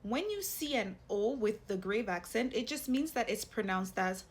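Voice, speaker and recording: A woman gives a language lesson at a middling pitch. She talks patiently and breaks words into slow, careful sounds so the listener can follow. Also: lively intonation. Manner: patient, repeats sounds slowly and clearly for the listener. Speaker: language teacher.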